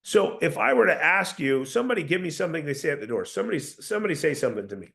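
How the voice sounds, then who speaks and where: A man leads a casual sales coaching talk with a group, earnest and full of restarts. His voice sits a little high and carries a gravelly fry. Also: very animated, fast talker, a bit bright. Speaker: sales trainer.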